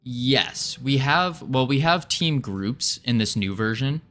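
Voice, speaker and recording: Guy streaming his coding, slow and easy talker, bright voice, bit of music playing behind. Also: medium pitch, animated. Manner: chatty, talks to viewers, playful asides. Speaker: game developer streaming. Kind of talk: casual live-stream chat while coding.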